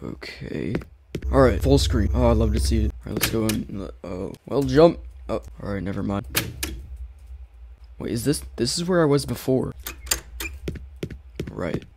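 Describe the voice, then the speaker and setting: A man's voice: fairly low pitch, expressive, measured pace, vocal fry, long pauses, background noise. A man commentating a horror game, talking in a rambling, jumpy way and yelping when startled. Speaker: gaming YouTuber.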